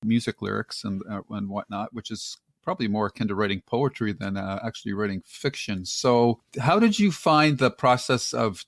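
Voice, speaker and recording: A man's voice: fairly low pitch, lively intonation, normal speed, few pauses, no room sound. Attentive male podcast host, dry sound. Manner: attentive, frequent short acknowledgements. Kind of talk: casual interview.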